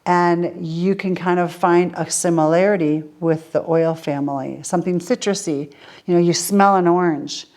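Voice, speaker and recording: A woman's voice: fairly low pitch, steady tone, moderate pace, darkish tone. A woman teaching a casual question-and-answer class, explaining with everyday examples and asking her listeners rhetorical questions. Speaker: essential oils teacher. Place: group class with students.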